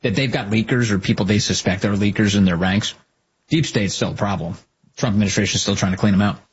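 Sarcastic husky-voiced male commentary host. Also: fairly low pitch, fast talker, dull audio. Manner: mocking, mimics people in silly voices.

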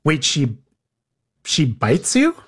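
A man's voice: on the high side, wildly swooping pitch, slow pace, fairly bright tone, slightly rough. A man interviewer asking curious, probing follow-up questions.

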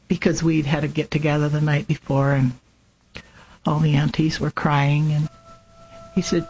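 A woman's voice: deep voice, fairly even intonation, normal speed, a little mellow, poor audio. An older woman being interviewed, telling a personal memory in a plain, earnest way. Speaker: interviewed mother of a fallen soldier. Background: faint music.

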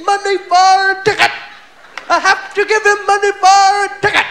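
High, bright, shouting stand-up comic. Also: male voice, moderate pace. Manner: animated, shouting punchlines and acting out voices. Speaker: stand-up comedian. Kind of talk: stand-up storytelling.

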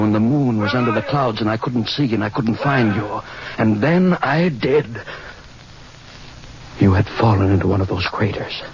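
An actor playing a haunted, guilt-ridden man in a 1950s-style radio drama, tense and breathless, sometimes anguished. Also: on the low side. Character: haunted middle-aged male gardener-scientist, guilt-ridden. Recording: hissy dull old radio recording.

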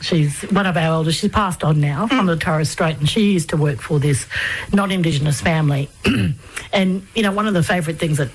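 A woman's voice: sits low, a little fast, slightly rough, rough recording. A woman interviewer asking long, hesitant questions with many fillers. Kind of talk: conversational interview.

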